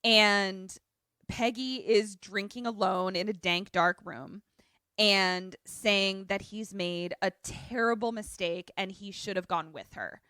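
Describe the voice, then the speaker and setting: An animated woman co-host retells a film in casual chat, joking and swearing freely as she goes. Her pitch sits in a middle range. She is recorded over a remote call with a dry, close sound. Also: slow pace, clean tone, no echo. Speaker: podcast co-host. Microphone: remote call setup.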